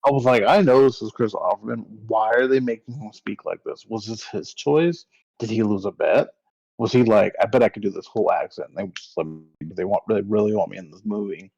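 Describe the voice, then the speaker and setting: Laid-back gravelly man swearing casually. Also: fairly low pitch, fairly quick, darkish tone, no echo, dull audio. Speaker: podcast co-host. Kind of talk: casual movie review chat.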